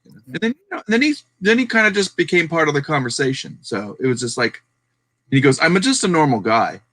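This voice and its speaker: A man telling stories in a casual online hangout, animated and chatty. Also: on the high side, fast talker, no room sound. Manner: animated storyteller. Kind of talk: casual chat.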